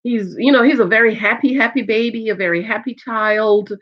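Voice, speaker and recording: A woman's voice: fairly high pitch, fairly quick. A woman chatting through a TV episode recap, talking straight to her viewers with exclamations and asides. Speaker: TV episode reviewer. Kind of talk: casual recap chat. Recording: dull lo-fi sound.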